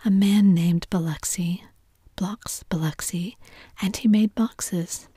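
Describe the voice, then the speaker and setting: A woman's voice: fairly low pitch, slow pace, breathy edge, no echo, clean studio sound. A woman whispering the lines of a blunt, impatient rich man in a whispered role-play. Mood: curt. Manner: curt, sharp.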